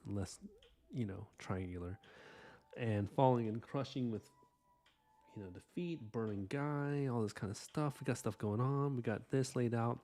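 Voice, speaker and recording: A man hosting an art live stream, chatting casually and earnestly with viewers while he inks, full of fillers and soft asides. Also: mid-range voice, measured pace. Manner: earnest, rambling, warm-hearted thanks to viewers. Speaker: live-stream artist host.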